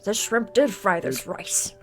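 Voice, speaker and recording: A woman's voice: medium pitch, big pitch swings, unhurried, soft background music. A woman voicing a polite male ship's cook who speaks plainly and gratefully.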